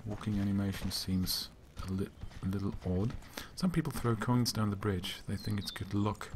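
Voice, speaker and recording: Wry, slightly hoarse gaming host. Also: male voice, on the low side, steady tone, normal speed, slight background noise. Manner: wry and offhand. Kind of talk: casual let's-play commentary.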